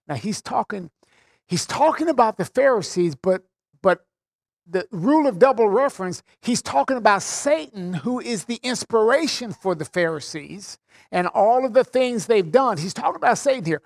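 A man's voice: high voice, lively intonation, moderate pace, gravelly. A man preaching a sermon, expounding scripture with emphatic repetition and casual conversational asides. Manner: emphatic, repeats phrases for stress.

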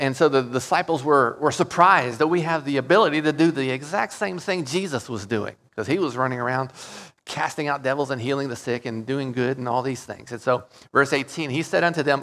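A man preaching a Bible-teaching sermon, stressing key words with loud drawn-out peaks and checking in with "okay?" and "right?". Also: mid-range voice. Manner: explains Greek word meanings, frequent "okay?" and "right?".

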